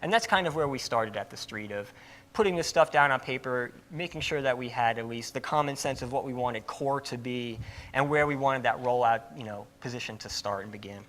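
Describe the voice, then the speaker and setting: A man's voice: mid-range voice, fairly quick, fairly bright tone, a little hiss or hum. A man giving a conference talk in a casual, emphatic way, with many fillers. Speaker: conference presenter.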